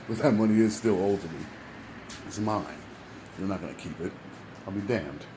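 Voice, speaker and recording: A man's voice: fairly low pitch, moderate pace, pauses often, noisy background. A man talking candidly and at length in a casual vlog, rambling and confessional.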